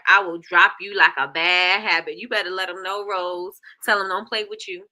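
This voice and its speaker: Woman host, bright tone, sassy and playful, reading chat comments live. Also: medium pitch, moderate pace, few pauses. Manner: animated, laughing, playful sass. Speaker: livestream host.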